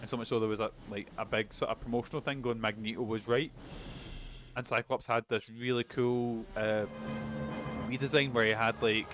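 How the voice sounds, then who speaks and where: A man's voice: mid-range voice, fairly even intonation, normal speed. A man streaming a video game, chatting casually and rambling with plenty of swearing. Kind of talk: casual gaming commentary. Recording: game music behind.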